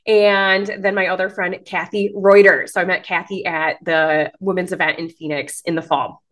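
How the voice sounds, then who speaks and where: A woman's voice: lowish voice, fairly even intonation, moderate pace, fairly bright tone. A woman in her thirties hosting a podcast, gushing and encouraging as she talks straight to her listeners. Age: 30s. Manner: gushing, encouraging, says "girl" and "like" a lot. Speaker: podcast host. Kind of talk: motivational podcast monologue.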